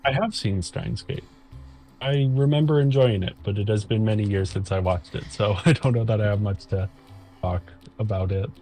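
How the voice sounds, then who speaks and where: A man with a lowish voice talks casually in an easygoing way, pausing often with ums. Faint music plays under the recording. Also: dark tone. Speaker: co-host. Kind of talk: casual chat.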